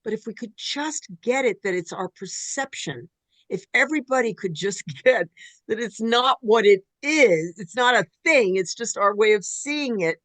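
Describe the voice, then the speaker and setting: A woman's voice: on the high side, normal speed, dry recording. Rambling woman in casual discussion. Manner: rambling, animated retelling.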